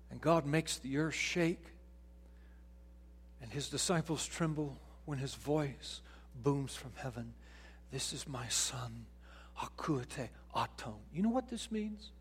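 A pastor delivers a sermon, his voice dropping to hushed, slow lines and then rising into loud, pressing questions. He acts out the voices of people he quotes, slipping into an excited high tone for them.

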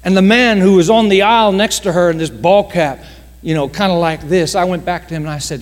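A male pastor telling a story in a sermon, dramatic, slowing down for emphasis and acting out the voices of others. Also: sits high, big-room sound. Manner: dramatic storytelling with slowed emphasis and acted quotes.

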